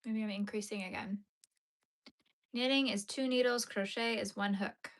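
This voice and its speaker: A woman's voice: mid-range voice, steady tone, moderate pace. Chatty young woman crocheting on a livestream. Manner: chatty, drifts into soft murmurs and whispers. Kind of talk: casual livestream chat while crocheting. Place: home crafting room.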